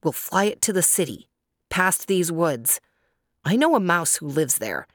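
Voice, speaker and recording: A woman voicing a brave male dove king in a children's story, speaking steady and reassuring. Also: on the low side, a little slow, dry recording, studio quality, heavily acted. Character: White Wing, brave male dove king, calm leader.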